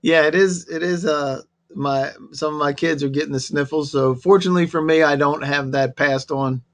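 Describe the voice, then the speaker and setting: A man's voice: on the high side, moderate pace. A man hosting an online government briefing, friendly as he walks through a list of web resources. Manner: friendly, lists web resources in a steady presenter tone. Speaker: webinar host.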